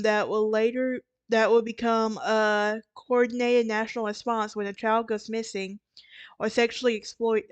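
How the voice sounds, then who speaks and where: A woman's voice: on the high side, clean tone, dry recording. A tired woman with a Southern accent hosting a true crime podcast, narrating casually and often correcting herself as she goes. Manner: rambling, frequent restarts and self-corrections.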